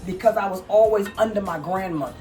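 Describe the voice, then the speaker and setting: A woman's voice: medium pitch, fast talker, a little mellow, far from the mic, faint music behind. Woman with a mixed Brooklyn-Southern accent. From New York. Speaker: fashion collector showing her pieces. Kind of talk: casual chat on camera. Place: home kitchen.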